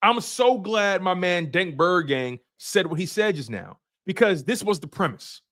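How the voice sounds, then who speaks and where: Guy hosting a live sports show, high voice that jumps all over, ribbing the chat, aave. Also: a little slow. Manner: animated, teasing chat readers by name. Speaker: sports podcast host. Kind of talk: casual live stream talk.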